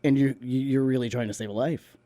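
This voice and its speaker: A man's voice: mid-range voice, fairly even intonation, fast, warm tone, no echo. A man co-hosting a casual community radio talk show, easygoing and laughing often as he gives practical advice. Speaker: co-host. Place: radio studio.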